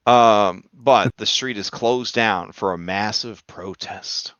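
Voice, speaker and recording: A man's voice: lowish voice, takes it slowly, a bit bright, clear, resonant tone, no echo, muffled recording. A man narrating a tabletop game as game master, rambling and joking with lots of fillers.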